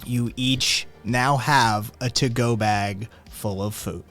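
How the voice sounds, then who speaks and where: A man narrating a tabletop role-playing game as game master, unhurried and full of pauses. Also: medium pitch, fairly even intonation, fairly bright tone, faint music behind. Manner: unhurried, hesitant with fillers.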